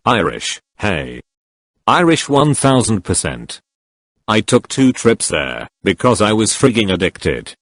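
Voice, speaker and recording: Male narrator, lowish and animated, reads comments back to back, dry voice-over. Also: no echo. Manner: reads each comment in quick succession. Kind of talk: reading online comments aloud.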